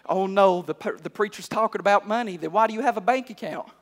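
A male pastor preaching a sermon, calling out to the congregation and climbing to shouts. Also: high voice, quick pace. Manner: call-and-response preaching, rising to shouts. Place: church hall. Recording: long hall reverb.

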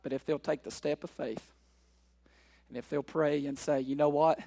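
A man preaching a sermon, repeating phrases and asking the congregation questions, building up to shouted exhortations. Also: on the high side, fairly even intonation, normal speed, gravelly, slightly rough, in a large hall. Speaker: pastor.

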